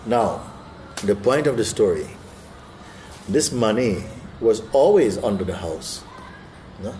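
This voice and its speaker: A man who is a spiritual teacher telling a parable during a talk, vivid and animated, acting out the scenes as he goes. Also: lowish voice, slow, a little hiss or hum.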